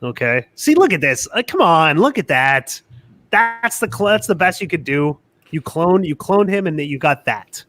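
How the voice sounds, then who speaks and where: Congested man, lively pitch. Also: moderate pace. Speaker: podcast co-host. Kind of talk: casual podcast chat.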